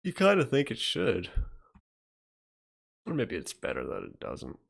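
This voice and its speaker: A man's voice: medium pitch, huge pitch swings, measured pace, gravelly, slightly rough. A young man hosting a casual livestream, chatting loosely and reacting to viewer comments as he rambles. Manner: rambling, reacts to chat, trails off. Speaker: livestream host reading chat.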